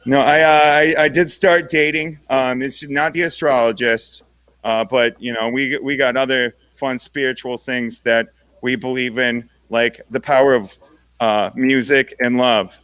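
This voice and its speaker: Bright-voiced young man doing stand-up. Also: mid-range voice, steady tone, measured pace, clean tone, no room sound. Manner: conversational, self-deprecating punchlines with tag-on "right?". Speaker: stand-up comedian. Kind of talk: stand-up set.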